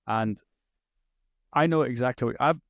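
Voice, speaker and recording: Male podcast host, chatty and jokey, mid pitch, dry close mic. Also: unhurried, no room sound. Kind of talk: casual interview chat.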